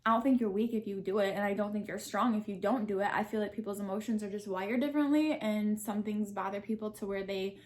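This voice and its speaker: A woman's voice: mid-range voice, quick pace, hardly any pauses. A young woman answering question cards while eating, talking candidly and thinking aloud. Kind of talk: casual mukbang chat.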